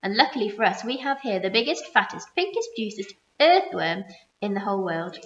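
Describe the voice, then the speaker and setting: A woman voicing an earnest, resourceful young boy who calmly explains his plan in a storybook reading. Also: medium pitch, brisk. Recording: roomy muffled recording.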